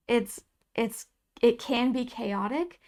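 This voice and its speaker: A woman giving a pick-a-card tarot reading to her viewers, musing aloud and reading out card meanings. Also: fairly high pitch. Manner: soft, musing, reads card texts aloud. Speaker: tarot reader.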